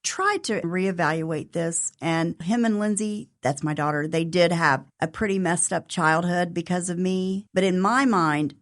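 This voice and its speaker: A woman in her sixties, a podcast guest, telling her life story in an earnest, soft-spoken way. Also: on the low side, a little slow, hardly any pauses. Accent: Southern Ohio. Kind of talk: reflective personal interview.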